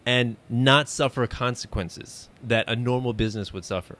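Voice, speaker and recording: A young adult man hosting a relaxed interview, talking in a rambling way with lots of fillers and restarts. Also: medium pitch, normal speed. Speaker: podcast host. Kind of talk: casual conversational interview.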